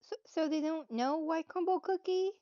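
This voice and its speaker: A woman's voice: very high-pitched, normal speed, no echo. A woman hosting a casual live commentary, blunt and sarcastic. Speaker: host. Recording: dull dry lo-fi.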